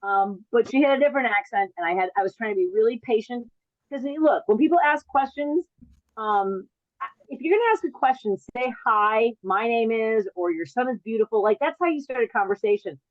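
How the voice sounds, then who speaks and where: A woman performs stand-up over a video call, rambling, backing up mid-sentence, and laughing at her own punchlines. Her voice sits a little high. The sound is dull and dry, like a plain home computer mic. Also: animated, a little fast, no room sound. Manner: rambling, self-interrupting, laughs at own jokes. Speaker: comedian. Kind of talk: stand-up set on a virtual show.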